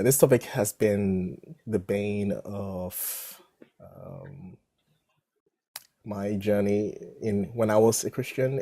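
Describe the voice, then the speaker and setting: A man from Ghana, joining a live stream as a guest and talking softly and thoughtfully with little giggles. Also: on the low side, husky, no echo. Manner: soft-spoken, giggly, thoughtful. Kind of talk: casual chat.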